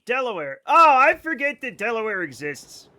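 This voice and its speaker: A man with a mild Rhode Island accent, streaming a game and chatting casually with viewers, animated and swearing, stretching his vowels. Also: very high-pitched, moderate pace. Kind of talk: casual chat with viewers while gaming.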